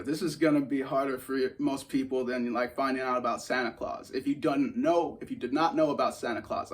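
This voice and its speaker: Excitable rambling young man. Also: mid-range voice, a little fast. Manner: excitable, rambling, laughs often, acts out scenes. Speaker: host. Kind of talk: casual commentary.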